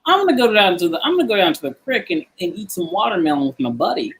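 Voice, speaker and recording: A man putting on a halting, hammy Southern US accent for a comedy bit. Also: high-pitched, wildly swooping pitch, fairly bright tone, pitched above the performer's own voice, heavily acted. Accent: put-on Southern US. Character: man with a put-on Southern drawl.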